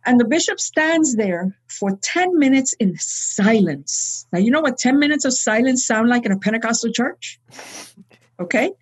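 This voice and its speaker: A woman's voice: on the high side, lively intonation, moderate pace, slightly rough, poor audio. A woman telling a long church story in conversation, acting out the people she quotes. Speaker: guest speaker.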